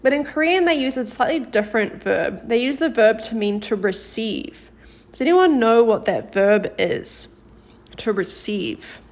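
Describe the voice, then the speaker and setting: Animated and light-voiced, slightly high in pitch, a Korean teacher runs a live-streamed lesson with patience and encouragement. She cheers viewers on by name and slows right down whenever she models an example sentence.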